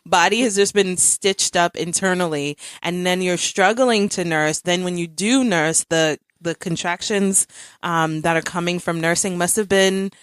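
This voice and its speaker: Lower-voiced woman podcast host, dry. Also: a little slow, smooth, no room sound. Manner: supportive, frequent listening sounds. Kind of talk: casual conversation.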